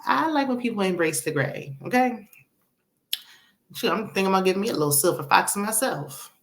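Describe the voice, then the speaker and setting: A woman hosts a casual reality TV recap in a mid-range, animated, brisk voice. Sassy and chatty, she tosses in "child" and "honey" and laughs between her remarks.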